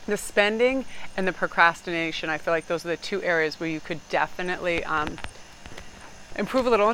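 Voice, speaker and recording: A woman with a lowish, fairly bright voice gives a casual tarot reading, rambling and blunt, swearing freely. She laughs often and slips into mock voices. The recording is rough, with slight background noise.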